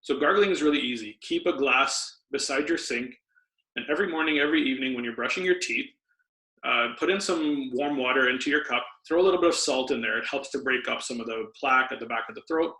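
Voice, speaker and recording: A man's voice: medium pitch, fast talker, bright, forceful tone. A man, a doctor, patiently explaining health tips as a podcast guest. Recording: roomy echo.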